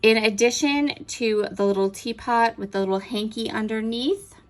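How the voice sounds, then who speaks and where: A woman hosting a crafting video, chatting enthusiastically as she unboxes and describes stamp sets, pausing now and then to look things over. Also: on the high side. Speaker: crafting channel host. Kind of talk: unboxing show-and-tell.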